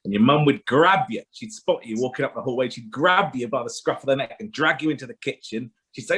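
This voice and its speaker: A man's voice: mid-range voice, a little fast, few pauses, a bit bright, breathy edge. A man in his forties doing stand-up comedy, chatty and rambling, often turning to the crowd with questions. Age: 40s.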